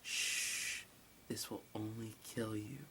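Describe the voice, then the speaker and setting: Casting: man as a calm demonic beast, hushed breathy whisper, whispered role-play. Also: lowish voice, normal speed, background noise, pitched below the performer's own voice, lightly acted. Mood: whispering threat. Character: menacing demonic beast, male, cruel and calm.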